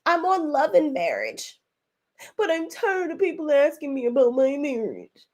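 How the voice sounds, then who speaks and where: A woman's voice: lowish voice, very animated, slow, a bit bright, full character voice. A woman voicing a melodramatic, whiny reality-TV woman who fakes tears. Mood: fake crying. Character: tearful whiny woman reality star, dramatic.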